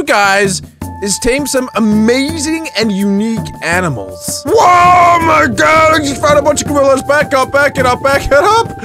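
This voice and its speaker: A young man giving excitable let's-play commentary, yelping and shouting at surprises, with quick asides to viewers. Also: very high voice. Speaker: gaming YouTuber.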